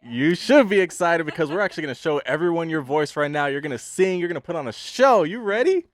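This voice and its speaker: A man's voice: a little high, lively intonation, quick pace, dry recording. A man walking through a product demo in an upbeat, playfully boastful way, recorded in a studio. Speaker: tech reviewer. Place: home studio.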